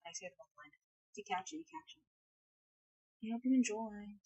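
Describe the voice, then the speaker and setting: Husky-voiced woman streamer, playful and blunt. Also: a little high, lively intonation, brisk, long pauses, warm tone, poor audio. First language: not English. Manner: playful, blunt, swears freely. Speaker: live streamer. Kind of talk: casual live-stream chat.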